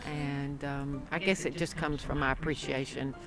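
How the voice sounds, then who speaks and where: A woman's voice: low voice, steady tone, moderate pace, over music, poor audio. An American woman giving thoughtful, slightly hesitant answers in an interview. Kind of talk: casual chat.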